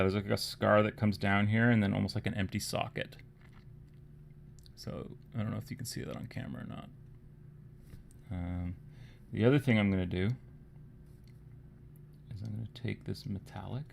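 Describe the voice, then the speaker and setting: A man's voice: lowish voice, vocal fry, slight background noise. A man casually talking through a live miniature painting tutorial, thinking aloud and sometimes dropping to a murmur.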